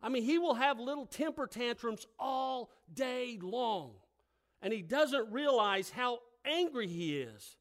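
An older man who is a pastor, telling folksy stories that build into loud, emphatic preaching. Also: very high-pitched, lively intonation, slow pace. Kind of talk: sermon with storytelling.

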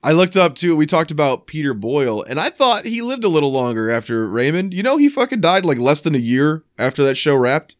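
A man's voice: on the high side, brisk, hardly any pauses, dry recording, studio quality. A man co-hosting a podcast in casual chat, swearing freely and retelling stories with acted-out voices. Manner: profane, animated storytelling with acted-out voices. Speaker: podcast co-host.

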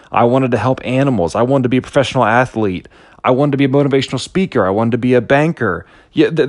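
A man's voice: medium pitch, no echo, clean studio sound. A man in his thirties giving a motivational talk, telling a personal story in an earnest, anecdotal way with frequent restarts.

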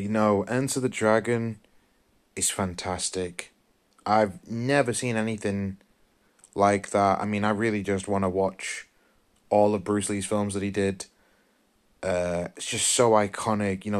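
Male podcast host, lowish voice, casual rambling review, lots of enthusiasm. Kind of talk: casual spoken film review.

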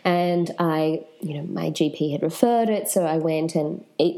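A woman's voice: deep voice, measured pace. A woman guest telling her personal story frankly and with animation in an interview. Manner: frank, animated, swears casually.

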